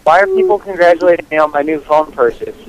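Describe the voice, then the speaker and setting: A man's voice: fast, a little hiss or hum. A young man on a phone call, confused and rambling as strangers talk over him. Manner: confused and rambling, jumps in pitch. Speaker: prank call recipient.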